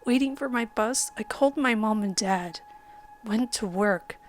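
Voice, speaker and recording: A woman reading a true horror story as a measured, dramatic narrator who sometimes drops to a whisper. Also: on the high side, slight background noise. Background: faint background music.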